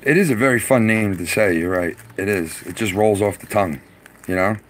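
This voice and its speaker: A man live streams from his garage, chatting loosely with viewers in a lowish, brisk voice recorded on a phone with a little hiss or hum. He's excitable and profane, laughs often, and stumbles over his words.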